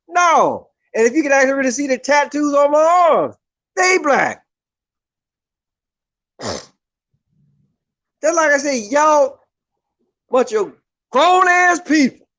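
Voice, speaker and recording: High-voiced man ranting heatedly. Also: a bit bright. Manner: heated, repetitive, keeps asking "right?". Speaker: vlogger. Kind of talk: profane opinion rant.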